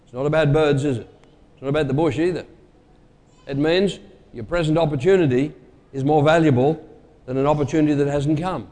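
A man's voice: on the high side, brisk, pauses often, a little mellow, in a large hall. A male preacher giving a conversational sermon and quizzing his congregation with everyday sayings.

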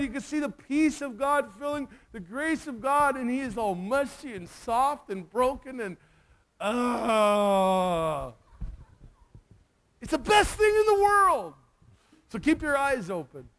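A man's voice: extremely high pitch, normal speed. A man preaching a sermon, telling a personal story with emotion and acting out the dialogue. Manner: emotional, animated storyteller who acts out the dialogue.

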